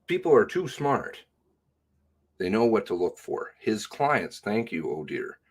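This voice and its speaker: A man's voice: on the low side, very animated, measured pace, darkish tone, husky. A man reading news reports aloud and breaking in with sarcastic comments. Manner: sarcastic asides.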